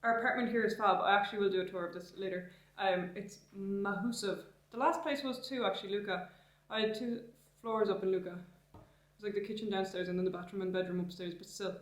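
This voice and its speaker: A woman's voice: medium pitch, steady tone, fairly quick, hardly any pauses. A young woman, a travel vlogger chatting casually to camera in a rented apartment, rambling and wry.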